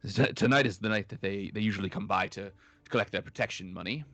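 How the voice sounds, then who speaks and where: A man's voice: lowish voice, fast, a bit bright. A man voicing a nervous, fawning male dockhand who stammers and hesitates constantly. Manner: stammering, fussy, full of hesitations.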